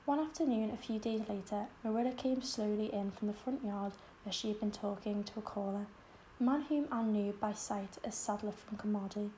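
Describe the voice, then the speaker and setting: A woman reading a classic novel aloud as an audiobook narrator, in calm, measured storytelling. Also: medium pitch, slight background noise, rough recording.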